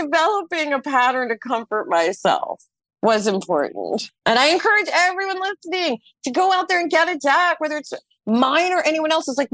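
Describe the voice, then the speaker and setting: A woman's voice: high-pitched, no echo. An American woman in her fifties, a guest and tarot reader, chatting casually and acting out quotes with frequent laughs. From United States. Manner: animated storyteller who acts out quotes and laughs often. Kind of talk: casual podcast conversation.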